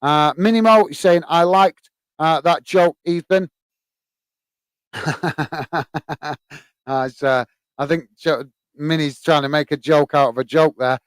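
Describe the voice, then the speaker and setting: Male livestream host, slightly high voice, smooth and clear, close and dry sound, easygoing chatter. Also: moderate pace, no room sound. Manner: relaxed, chatty, many fillers, calls listeners mate. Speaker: host of a football fan channel. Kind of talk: casual live-stream chat reading viewer comments.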